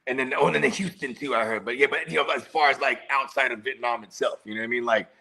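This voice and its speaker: A man co-hosting a morning news podcast, chatting casually and loudly, breaking into high playful shouts. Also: fast. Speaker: co-host. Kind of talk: casual chat.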